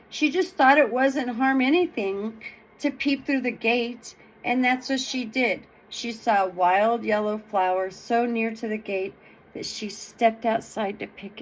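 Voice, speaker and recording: A woman reading folk tales aloud to her audience. Her voice sits a little high, and she takes an unhurried, expressive pace, leaning into the rhythm of the story. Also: slight background noise, rough recording. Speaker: storyteller and channel host.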